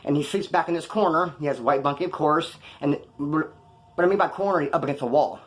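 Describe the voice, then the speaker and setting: A man's voice: a little high, fast talker. A man casually telling prison stories to camera in a rambling, slangy way, acting out quoted dialogue.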